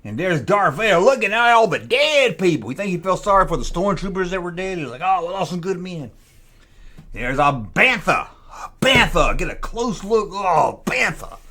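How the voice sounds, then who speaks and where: A middle-aged man with a high, lively voice that leaps up and down as he talks. He rambles happily and half to himself, reading captions aloud in casual, unscripted commentary. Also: moderate pace. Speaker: collector flipping through a vintage magazine.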